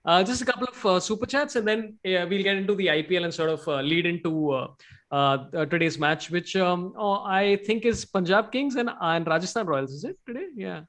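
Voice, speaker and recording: A man's voice: high voice, brisk, a bit bright. A man hosting a casual cricket chat show, talking in a loose, rambling way with many fillers and restarts. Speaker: podcast host.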